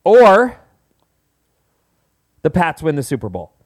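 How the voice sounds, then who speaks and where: A man's voice: fairly high pitch, wildly swooping pitch, no echo, clean studio sound. A man co-hosting a podcast, playfully spinning out joking scenarios in a casual, bantering way. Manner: playful storyteller, drawn-out setups. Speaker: podcast co-host.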